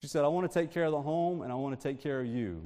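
Laughing preacher in a reverberant sanctuary. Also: male voice, fairly high pitch, fast talker, warm tone. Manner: storytelling with frequent laughs and asides. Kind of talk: sermon.

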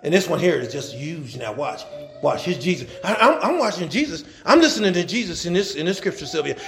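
A man's voice: fairly high pitch, very animated, fairly quick, fairly bright tone. A man preaching a sermon, fervent and calling out to the congregation, stretching out scripture readings and breaking into chuckling asides.

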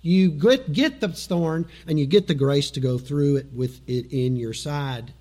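A man preaching a sermon as pastor, animated, acting out quoted voices and chuckling as he goes. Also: on the high side, a little slow.

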